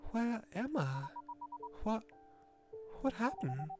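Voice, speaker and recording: Guy doing a high flustered young girl voice, bouncy pitch, music behind. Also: very animated, slow pace, darkish tone, exaggerated voice. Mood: bewildered. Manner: flustered, pleading. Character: confused young girl, anxious and bewildered. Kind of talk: voicing visual novel dialogue.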